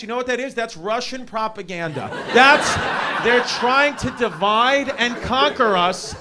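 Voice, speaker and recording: A man with a New York accent doing a rambling, animated stand-up set in a comedy club, shouting some punchlines. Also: very high-pitched, slow pace. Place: comedy club with a laughing audience. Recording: live club recording with audience noise.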